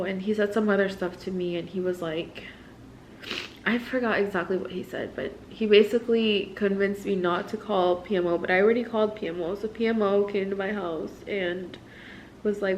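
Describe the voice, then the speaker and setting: A distressed young woman talks straight to her viewers in a confessional vlog, her speech rambling, profane and full of "like". Her pitch sits in an ordinary middle range. A faint hiss of background noise runs underneath. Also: steady tone, moderate pace. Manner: rambling, profane, filler-heavy "like". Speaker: military spouse.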